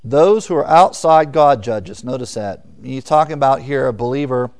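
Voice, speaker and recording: Man, preacher, mid-pitched voice, emphatic sermon delivery with rhetorical questions and quiet asides. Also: animated, normal speed. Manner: emphatic, swings between loud stresses and quiet asides; asks the audience questions and answers them. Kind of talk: sermon, verse-by-verse teaching.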